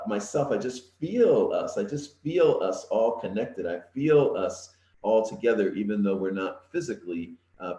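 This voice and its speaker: A middle-aged man, an interim minister, giving a gentle, reflective online sermon from his home, with frequent pauses and fillers. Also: fairly low pitch, roomy sound. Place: home setup.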